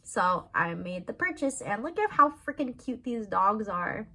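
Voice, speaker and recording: Bright, chatty young woman vlogger. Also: mid-range voice, big pitch swings, measured pace. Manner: chatty and upbeat, many fillers. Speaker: vlogger and crochet seller. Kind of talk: casual vlog chat.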